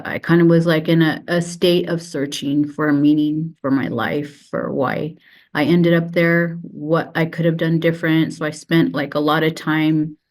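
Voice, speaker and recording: A woman telling her own story as a podcast guest, halting and tearful, often restarting her sentences. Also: low voice, a little mellow. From United States. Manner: halting, with many restarts and fillers. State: tearful, close to crying. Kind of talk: emotional personal testimony.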